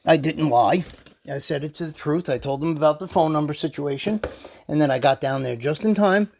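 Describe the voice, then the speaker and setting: Gravelly, fired-up man ranting. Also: a little high, fairly quick, darkish tone. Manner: rambling, profane, full of "you know" and "right?"; heated and indignant. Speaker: vlogger. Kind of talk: casual storytelling rant.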